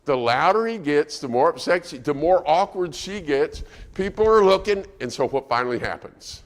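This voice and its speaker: Lively preacher in an echoey church. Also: male voice, a little high, moderate pace. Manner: conversational, asks the congregation questions. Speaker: guest preacher. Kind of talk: sermon. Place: church auditorium. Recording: reverberant church hall.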